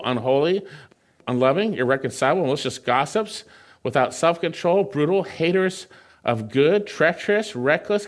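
A man preaching a sermon, reading scripture slowly and then explaining it in a conversational way. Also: a little high. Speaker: pastor.

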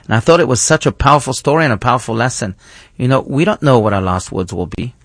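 A rabbi talks in an earnest, reflective way, often restarting his phrases. His voice sits at a middle pitch, and the recording is dry and close. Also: lively intonation, fast talker, a bit bright, no room sound. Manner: thoughtful, earnest, with frequent restarts. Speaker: rabbi, guest. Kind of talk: reflective teaching in conversation.

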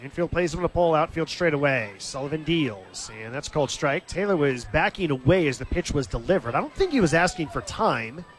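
A man calling live baseball play-by-play in a steady, conversational way, lifting his voice briefly when the action comes. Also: on the high side, a little fast, few pauses. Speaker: play-by-play announcer. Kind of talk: live baseball radio commentary.

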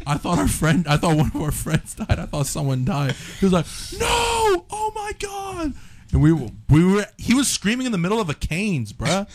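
A man's voice: a little high, fairly quick, hardly any pauses. A young man chatting casually with friends, slangy and full of questions. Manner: lively, slangy, asks questions. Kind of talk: casual group chat.

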